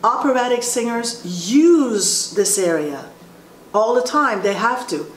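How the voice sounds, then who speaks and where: A woman voice teacher explaining vocal placement in a slow, halting way, often restarting her sentences. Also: a little high, animated. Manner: explains slowly with frequent restarts. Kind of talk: instructional talk with sung demonstrations. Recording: roomy echo with faint ambient noise.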